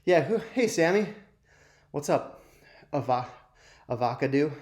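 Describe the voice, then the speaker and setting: A man's voice: a little high, animated, measured pace, darkish tone. A man hosting a live youth ministry show, chatting casually and self-deprecatingly straight to viewers. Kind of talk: casual live-stream chat. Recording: roomy echo.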